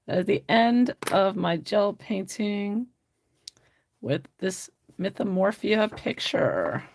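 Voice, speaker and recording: A woman's voice: medium pitch, lively intonation, very slow, creaky, pauses often. A woman hosting an art livestream, chatting casually and answering viewer comments while she paints, often laughing.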